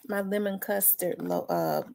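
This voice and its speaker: Slow-talking chatty woman livestream host. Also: medium pitch, huge pitch swings, vocal fry, a little mellow. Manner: chatty, greets viewers by name. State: out of breath. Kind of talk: casual livestream chat.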